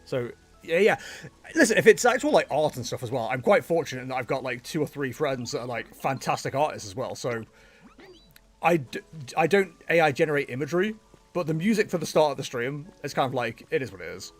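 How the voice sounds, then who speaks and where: A man's voice: mid-range voice, brisk. A man chatting casually and animatedly while streaming a game, talking to his viewers and to the game's characters. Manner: chatty, animated, laughs often, talks to chat and game characters. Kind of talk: casual livestream chat.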